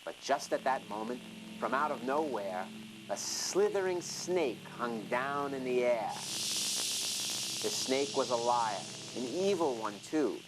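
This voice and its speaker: A storyteller reading a rhyming children's story in an expressive, sing-song way. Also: mid-range voice, background noise. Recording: music playing under the reading.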